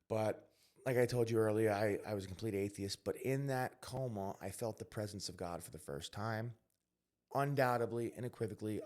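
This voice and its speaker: Low-voiced man telling his story earnestly. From New York. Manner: earnest, emphatic, with quick restarts. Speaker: podcast guest. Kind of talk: candid personal storytelling.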